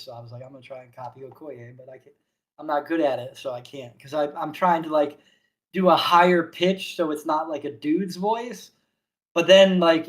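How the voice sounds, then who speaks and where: A man as game master of a tabletop game, laughing and self-deprecating between scenes. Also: a little high.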